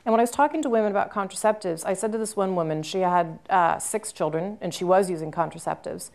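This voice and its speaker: A woman's voice: on the low side, fast, gravelly, a little mellow. A woman guest speaker answering audience questions at a university talk, telling an earnest story with emphatic repetition.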